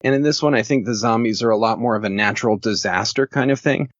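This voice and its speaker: A man with a lowish voice talks at a quick pace as a podcast guest, a horror author who jokes, rambles, and laughs a lot. The recording is dry, with dull lo-fi podcast audio.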